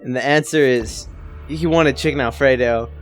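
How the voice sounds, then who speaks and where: A man's voice: medium pitch, moderate pace. Young man, stand-up storyteller, rambling, cursing, faint music behind. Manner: casual, profane, rambling. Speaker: comedian.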